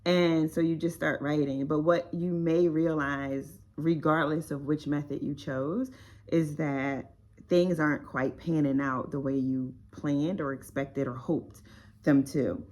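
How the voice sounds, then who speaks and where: A woman's voice: low-pitched, fairly even intonation, takes it slowly, darkish tone. A woman author unboxing her own book in a casual vlog, chatty and emotional with frequent exclamations.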